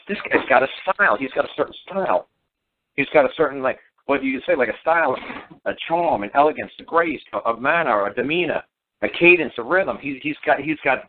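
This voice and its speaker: A man's voice: medium pitch, expressive, a little fast. A man, a talk show host, telling a long story in a casual, rambling way, repeating himself and swearing as he goes. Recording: tinny phone-line audio.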